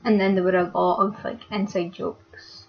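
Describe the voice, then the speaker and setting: A young woman, speaking haltingly and with many fillers as she talks upset into her camera for a vlog. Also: medium pitch, flat delivery, slight background noise. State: upset and hurt. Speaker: vlogger. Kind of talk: casual confessional vlog. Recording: dull lo-fi webcam audio.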